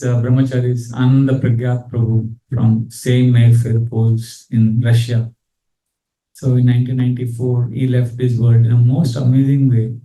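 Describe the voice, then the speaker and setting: Man, scripture class lecture, mellow tone, echoey room, distant mic. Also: medium pitch. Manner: storytelling, earnest, animated when quoting. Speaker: Bhagavatam teacher.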